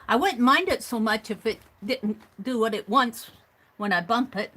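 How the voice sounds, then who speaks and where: A woman with a fairly high voice hosts a craft livestream. She rambles casually and talks to herself as she works. She laughs easily and often restarts her sentences. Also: lively intonation, normal speed, a bit bright. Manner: chatty, talks to herself and reads viewer comments aloud.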